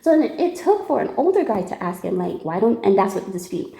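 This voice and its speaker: A young adult woman telling a casual story, animated and slangy, often laughing and quoting people. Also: medium pitch, a little fast, creaky, echoey room. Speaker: tarot reader telling a story.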